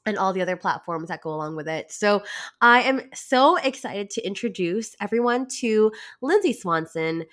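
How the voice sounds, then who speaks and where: A woman's voice: mid-range voice, animated, normal speed, a bit bright. A woman hosting a podcast, chatty and upbeat with many fillers, congested from a cold. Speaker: podcast host. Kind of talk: casual podcast intro.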